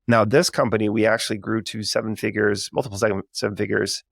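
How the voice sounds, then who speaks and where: Podcast host, thirties, man; low gravelly voice, earnest unscripted storytelling, dry close sound. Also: steady tone, fast talker, no room sound. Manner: conversational, many fillers, earnest and reflective. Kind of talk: candid storytelling monologue.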